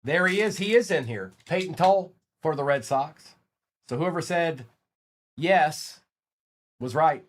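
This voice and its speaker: On a live card break stream, a man names each card aloud and makes relaxed conversation with viewers in an animated way. He speaks a little high and a little slowly, pausing often.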